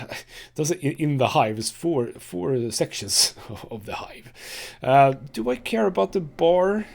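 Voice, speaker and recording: A man's voice: mid-range voice, vocal fry, darkish tone. A young man hosting a let's play, giving casual, rambling gameplay commentary and thinking aloud with lots of fillers.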